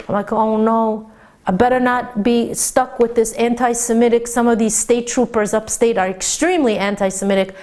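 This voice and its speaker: Animated woman telling a story. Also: fairly high pitch, moderate pace. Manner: animated, excited storytelling with stammered repeats. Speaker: Torah teacher for women. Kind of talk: storytelling lecture.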